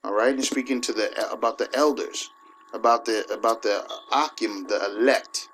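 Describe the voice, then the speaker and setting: A man giving an informal sermon, emphatic and conversational, who keeps asking his listeners "all right?" and slows down to read scripture. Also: lowish voice, fairly even intonation, fairly bright tone, a little hiss or hum, rough recording. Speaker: preacher.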